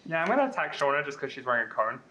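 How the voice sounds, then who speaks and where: A man's voice: a little high, sing-song, racing, sharp tone, muffled recording, slight background noise. A man teasing his friends while playing a card game. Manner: joking, teasing. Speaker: player. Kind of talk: casual chat over a tabletop card game.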